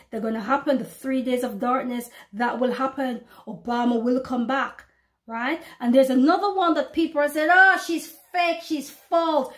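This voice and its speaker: A woman preaching prophecy to her online followers, fervent and emphatic, slowing down when she reads scripture aloud. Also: a little high, darkish tone. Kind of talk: preaching to camera.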